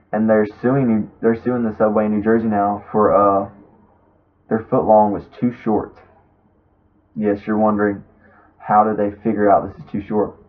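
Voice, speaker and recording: Low-voiced young man on a tinny line. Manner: rambling storyteller with many fillers and restarts. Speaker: vlogger. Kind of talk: casual rambling monologue. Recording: tinny lo-fi phone-like sound.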